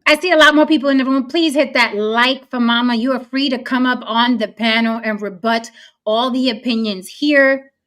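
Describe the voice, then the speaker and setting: A woman hosting a casual panel discussion, talking in an animated, emphatic way and acting out voices she quotes. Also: a little high, normal speed. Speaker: panel host.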